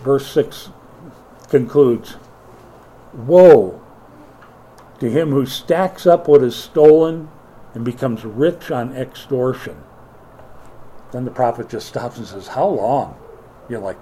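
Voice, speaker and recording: A middle-aged man preaching a sermon as pastor, lively and playful, acting out taunts and quoted voices. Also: mid-range voice, slow pace, pauses often, rough recording.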